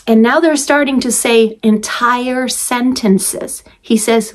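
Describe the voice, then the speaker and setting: A woman's voice: on the high side, fairly even intonation, slow pace. A woman talking casually to camera as a vlogger and mother of twins, chatty and rambling, often restarting and laughing.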